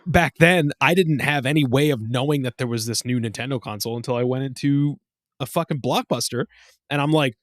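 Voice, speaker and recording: A man in his thirties co-hosting a casual podcast, telling stories with lots of swearing and acting out quotes in a high voice. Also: fairly quick, no echo, clean studio sound. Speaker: podcast co-host. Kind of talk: casual chat.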